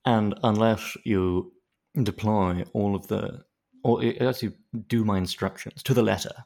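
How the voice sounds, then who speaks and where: A smug, drawling male villain, as a man puts him on in a podcast recap, talks with a lazy rock-star slur. The voice is a bit low and gravelly, with rough fry under the words. He sounds sure he is in control. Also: steady tone, moderate pace, a little mellow. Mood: menacing.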